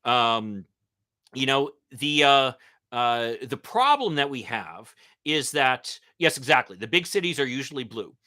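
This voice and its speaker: A man hosting a live-stream Q&A as a political commentator, answering viewer comments in a halting way with many ums and uhs. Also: mid-range voice, big pitch swings, bright, forceful tone. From Michigan. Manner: halting, with frequent um and uh fillers.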